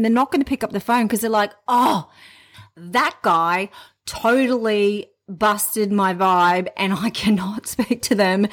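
Upbeat, emphatic woman giving sales tips. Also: fairly high pitch. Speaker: sales coach. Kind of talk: casual advice vlog.

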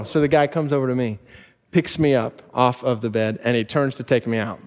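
A pastor telling personal stories in a sermon, building to emphatic preaching before a congregation. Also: male voice, mid-range voice, fairly even intonation, a little fast. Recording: long reverb of a large hall.

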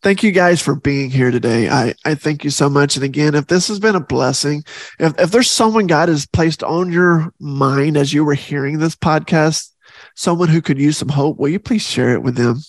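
A middle-aged man talks on his faith podcast, earnest and heartfelt, leaning on repeated phrases to drive a point home. His voice sits a little high for a man. The sound is close and dry, with no room around it. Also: moderate pace, dry recording. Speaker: podcast host.

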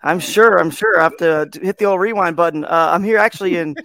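A man's voice: high-pitched, fast talker, fairly bright tone. A man calling in as a guest on a casual podcast, chatting cheerfully. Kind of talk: casual chat.

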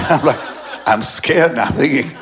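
Telling a story in a sermon, this pastor takes it slowly. He's animated and laughs a lot, but his voice goes low and soft when things turn serious.

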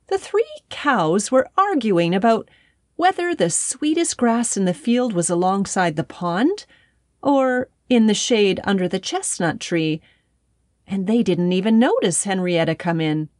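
A woman narrating a children's storybook in a gentle, unhurried way. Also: medium pitch, big pitch swings, no room sound, studio quality.

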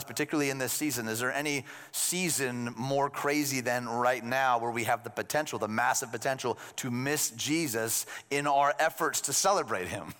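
A man's voice: medium pitch, brisk, hardly any pauses, a bit bright. A male pastor preaching a sermon in a conversational way, with joking asides to the congregation. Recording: long hall reverb.

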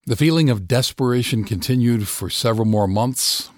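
A man giving scripted news narration in a measured, steady delivery. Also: mid-range voice, no room sound, clean studio sound. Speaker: reporter narrator.

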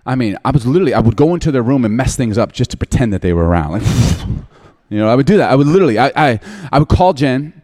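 Man, 40s, pastor, storytelling sermon, animated pitch, self-deprecating humor. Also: fast. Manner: animated, often laughing.

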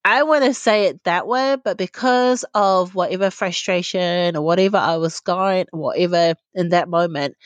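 On her solo parenting podcast, a woman in her thirties speaks candidly and in a confiding way, often laughing at herself. Her mid-range voice has lively intonation and a measured pace, recorded with no room sound, in a reflective style.

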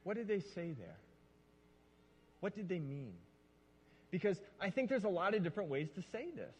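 A male pastor preaching a lively sermon and acting out lines. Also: high voice, normal speed, husky. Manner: animated, acts out lines. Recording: long reverb of a large hall.

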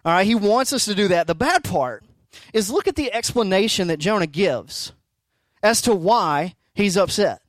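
Male pastor, high-pitched, emphatic, conversational sermon, dry close sound. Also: expressive, normal speed, no echo. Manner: conversational, emphatic, rhetorical questions.

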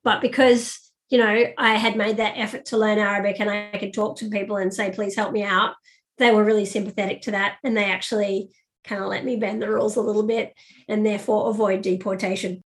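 A middle-aged woman, an interview guest, telling a lively personal story with fillers. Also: mid-range voice, a little fast. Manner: animated anecdotal storytelling with fillers. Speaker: guest, business strategist.

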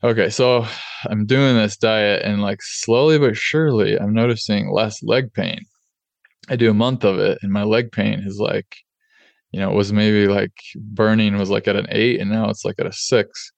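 A man hosting a podcast, telling a personal story candidly in a relaxed, conversational way with plenty of fillers. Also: lowish voice, moderate pace, gravelly, no echo. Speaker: podcast host and oral surgeon.

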